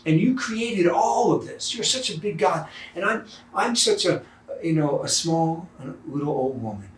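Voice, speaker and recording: A preacher retelling the words of a wise, humble old village woman in a gentle, reverent way, in a roomy church. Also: high voice, animated, unhurried, voice pushed up.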